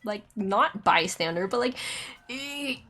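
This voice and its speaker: A woman streamer giving exasperated, rambling gameplay commentary, filling her rant with "like" and pushing her voice higher as she gets angry. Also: expressive, slow pace, bright, forceful tone. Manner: exasperated, rambling, heavy use of "like"; voice climbs high when angry. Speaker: let's play streamer.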